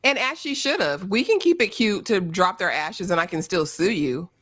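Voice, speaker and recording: Woman, co-host, blunt, opinionated, slightly low voice, dry sound. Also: expressive, normal speed, fairly bright tone, no room sound. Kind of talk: casual live recap chat.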